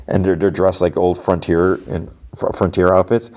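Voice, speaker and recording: A man's voice: low voice, little pitch movement, moderate pace, a little mellow. A man hosting a podcast, casually retelling a TV episode in a rambling way, full of "like" and acted-out quotes. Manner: rambling, heavy use of "like", acts out quotes. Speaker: podcast host. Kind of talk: casual movie and TV recap.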